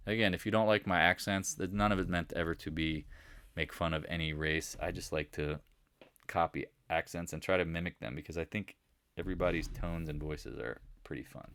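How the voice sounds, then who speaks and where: A man's voice: deep voice, steady tone, a little fast, a bit bright, smooth, no echo. A man giving a casual, jokey trading recap over charts, talking straight to his viewers and answering questions he imagines them asking. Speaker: market analyst host.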